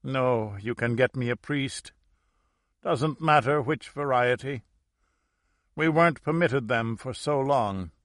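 A man reading aloud and voicing a sharp-tongued, dying 85-year-old Russian grandmother who speaks urgently. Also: mid-range voice, takes it slowly, no room sound, clean studio sound, close to an everyday voice. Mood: commanding.

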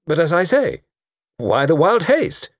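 A man voicing an irrepressible, bantering young gentleman in a storybook reading. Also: on the high side, huge pitch swings, moderate pace, slightly rough, dry recording, studio quality, voice pushed up, exaggerated voice. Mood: teasing. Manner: bantering, theatrical.

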